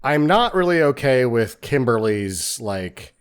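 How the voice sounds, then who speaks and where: A man's voice: mid-range voice, big pitch swings, takes it slowly, few pauses. A man co-hosting a podcast, giving blunt, frank opinions in casual chat, with swearing. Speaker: podcast co-host.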